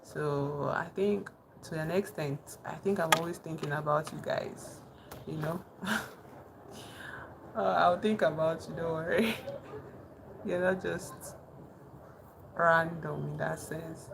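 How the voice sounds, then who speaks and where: A young woman chatting casually with her live-stream chat, soft-spoken and calling herself very emotional. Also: lowish voice, slow, creaky, long pauses. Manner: soft-spoken, thanks chat warmly, says she is very emotional. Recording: noticeable background noise.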